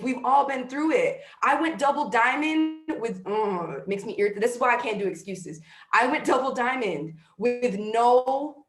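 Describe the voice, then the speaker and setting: A woman in her thirties, with a slightly high voice in an echoey room, gives a fired-up motivational talk as a guest network-marketing leader. Her delivery is casual, conversational and emphatic, filled with fillers like "like".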